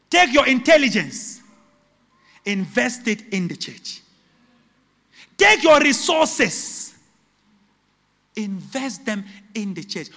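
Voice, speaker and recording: A pastor preaches in a high, bright voice, his words ringing out through a church hall with a long echo. He swings from shouted peaks down to quiet, hushed lines. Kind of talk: sermon.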